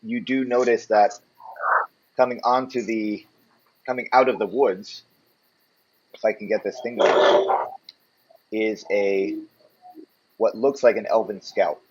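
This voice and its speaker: Lower-voiced man running a tabletop game. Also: fairly even intonation, a little slow, long pauses, muffled recording, slight background noise. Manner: hesitant, full of ums and restarts. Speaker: game master.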